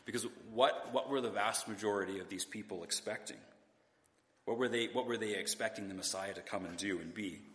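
A man's voice: lowish voice, fairly quick, a bit bright, roomy sound, long reverb tail. A man preaching a sermon in a church, talking in a conversational way, asking the congregation rhetorical questions and sometimes restarting his words. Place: church sanctuary.

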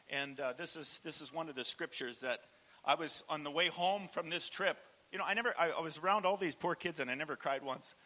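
A man's voice: on the high side, bright, forceful tone, rough recording. A man telling a heartfelt charity story to a church audience, with frequent restarts and little laughs. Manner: emotional storytelling, laughs often, halting restarts. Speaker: charity founder speaking to a church. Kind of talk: personal testimony talk.

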